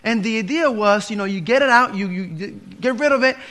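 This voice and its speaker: Pastor, male, high bright voice, earnest sermon delivery with fillers and restarts, church sanctuary. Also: brisk.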